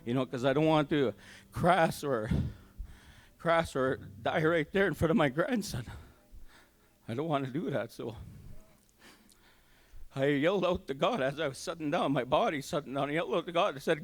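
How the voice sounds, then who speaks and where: An older man gives his personal testimony at a church service, telling it in a halting, heartfelt way with many fillers and restarts. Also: on the high side, lively intonation. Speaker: church member giving testimony. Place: community hall church service.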